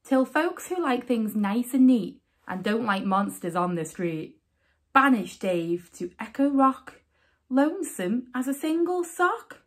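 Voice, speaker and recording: A woman reading a rhyming children's picture book aloud as a storyteller, with an expressive, sing-song delivery. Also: a little high, a little slow.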